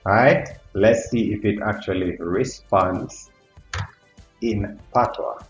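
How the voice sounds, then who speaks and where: A man with a fairly low voice gives a relaxed screen-recorded tutorial. He thinks aloud and talks with curiosity to his viewers. The sound is roomy and dull, with faint music underneath. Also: slow pace. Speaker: tech tutorial presenter.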